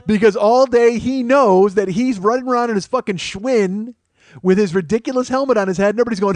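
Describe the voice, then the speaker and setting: A man hosting a podcast, telling a comic story as a profane rant that swings between mumbled asides and loud outbursts. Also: high voice, fairly quick. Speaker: podcast host. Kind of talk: comedic storytelling monologue.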